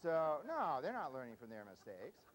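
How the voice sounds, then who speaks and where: A man's voice: mid-range voice, wildly swooping pitch, normal speed, poor audio. Folksy older man telling a story. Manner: folksy, tags points with "see?". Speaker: parenting speaker. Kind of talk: humorous lecture storytelling.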